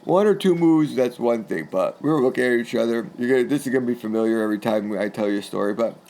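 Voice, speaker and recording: A man from New England recounts a personal story in loose, rambling, conversational speech. His voice has a gravelly, creaky grain, and he chuckles often while telling it. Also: mid-range voice, expressive, fast talker, a little mellow. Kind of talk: casual spoken anecdote.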